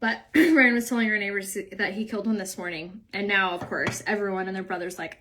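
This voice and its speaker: A woman's voice: mid-range voice, big pitch swings, brisk, fairly bright tone. A young woman hosting a makeup live stream, chatting casually and answering viewer comments, rambling and saying "like" a lot and laughing easily.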